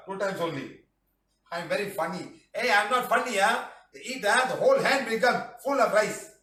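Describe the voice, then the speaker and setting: High-voiced man, roomy echo. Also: sharp tone. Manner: joking, teasing, repeats words with "huh?" and "lah". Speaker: healing teacher. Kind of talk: live online class reading viewer comments. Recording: roomy echo, mic at a distance.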